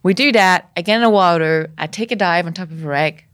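A woman from Canada, a podcast guest, telling a story in a lively way, laughing often and acting out what people said. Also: lowish voice, a little fast. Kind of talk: casual storytelling.

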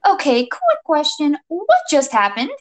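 Woman doing squeaky flustered panicking hero. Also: huge pitch swings, unhurried, heavily acted. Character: bewildered panicky young hero.

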